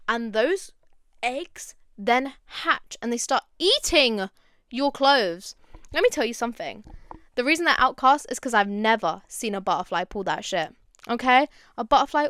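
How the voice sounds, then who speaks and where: Chatty young woman, bright and clear. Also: fairly high pitch, a little slow, no room sound, studio quality. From London. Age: young adult. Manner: chatty and animated, going off on tangents. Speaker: podcast host. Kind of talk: casual chat.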